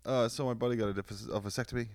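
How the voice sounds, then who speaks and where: A man's voice: mid-range voice, steady tone, racing, no room sound, studio quality. A man co-hosting a podcast in casual chat, joking, riffing on the conversation and slipping into silly voices. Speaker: podcast co-host.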